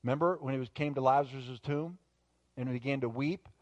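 A male pastor preaching a sermon, moving between quiet, intimate asides and loud, emphatic bursts. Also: medium pitch, brisk, dry recording, muffled recording.

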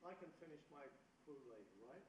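A man's voice: a little high, big pitch swings, fast talker. A man from the audience sharing a story casually, rambling and informal. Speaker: audience member. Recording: roomy, distant from the mic.

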